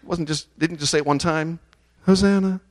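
A man preaching a sermon, reading scripture aloud and leading the congregation in call-and-response chants, rising to loud ringing peaks. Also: on the high side, steady tone, a little fast. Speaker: pastor.

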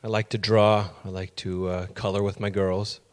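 A man's voice: fairly low pitch, level tone, normal speed. Storytelling man preaching a sermon. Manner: storytelling, builds to emphatic raised voice. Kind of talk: sermon with personal stories.

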